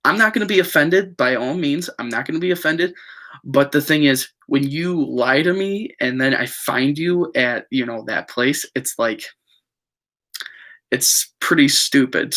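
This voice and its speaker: A man's voice: mid-range voice, pushed and bright. A young man casually recounting a falling-out with friends to his viewers, rambling with lots of fillers and repetition. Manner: rambling, frequent fillers and repeats. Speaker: vlogger. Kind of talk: casual storytelling to camera.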